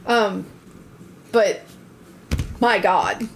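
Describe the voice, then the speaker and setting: A woman's voice: mid-range voice, fairly even intonation, slight background noise. A woman co-hosting a podcast and presenting the topic, casual and profane, often restarting her sentences. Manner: halting, many restarts, profane. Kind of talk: casual chat.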